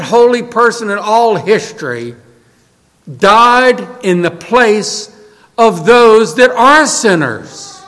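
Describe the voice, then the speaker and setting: Pastor guy preaching, fairly high voice, goes quiet then booms out. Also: in a large hall. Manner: preaching, swinging from soft low lines to loud high exclamations. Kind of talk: sermon.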